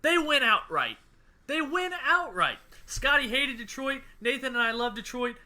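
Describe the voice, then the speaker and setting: Podcast co-host, male, high-pitched and energetic, riffs jokes in a casual sports betting chat. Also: normal speed. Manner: energetic, excitable, riffing jokes.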